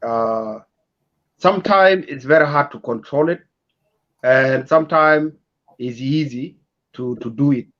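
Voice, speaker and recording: A man speaking as a talk show guest, measured and hesitant with many fillers. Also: mid-range voice, a bit bright, dull audio.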